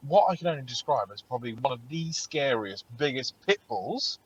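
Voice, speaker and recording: Guy telling a story on a podcast, swears loads, pitch all over the place, a bit husky, dull lo-fi audio. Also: brisk. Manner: animated storytelling, heavy swearing. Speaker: podcast co-host. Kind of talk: casual chat.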